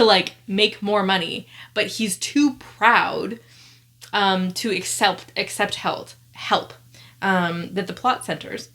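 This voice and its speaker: A woman's voice: a little high, fairly bright tone. A woman book vlogger at home, chatting casually and reading book blurbs aloud, with lots of fillers and self-corrections. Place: at home among piles of books.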